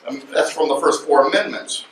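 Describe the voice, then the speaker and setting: A man speaking to an audience at a luncheon, animated and joking as he lectures. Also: fairly high pitch, a little fast. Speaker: guest speaker. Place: luncheon event room. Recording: echoey room from far off, faint noise.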